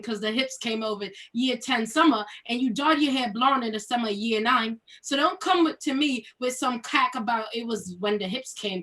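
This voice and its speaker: A woman's voice: a little high, a bit bright, distant mic, close to an everyday voice. A woman doing a brash young Londoner, British accent. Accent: British, put on. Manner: brash, rapid scolding. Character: blunt young London woman teasing her best friend. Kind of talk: cold reading of a scene.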